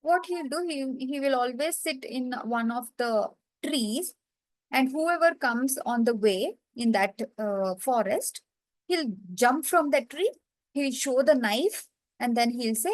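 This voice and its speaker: A woman retelling a scripture story for learners, explaining simply with many pauses. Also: high voice, lively intonation, no echo, poor audio. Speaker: storyteller teacher.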